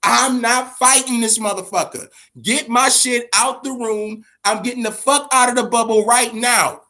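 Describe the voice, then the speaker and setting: A man's voice: very high-pitched, steady tone, moderate pace, pushed and bright, full character voice. A man voicing a furious boxer who threatens to walk out before a fight. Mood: enraged. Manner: angry, defiant ranting. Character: enraged male boxer threatening to quit.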